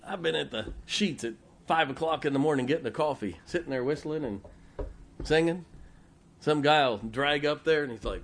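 A man's voice: a little high, vocal fry, slight background noise. Folksy Baptist preacher man, sings hymns. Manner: breaks into hymns and scripture, sung slowly and loudly; storytelling with humor. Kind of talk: folksy sermon.

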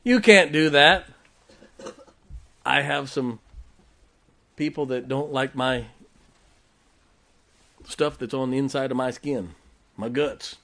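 A man's voice: mid-range voice, fairly even intonation, slow, vocal fry, long pauses, a bit bright. A man preaching a sermon as pastor, emphatic, with rhetorical questions, joking asides and check-ins with the congregation.

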